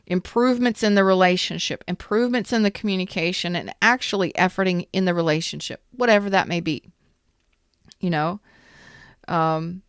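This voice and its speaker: A woman's voice: fairly low pitch, normal speed, clean tone, no echo, studio quality. A woman giving a casual spoken tarot reading, chatty and full of repeated questions and restarts. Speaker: tarot reader.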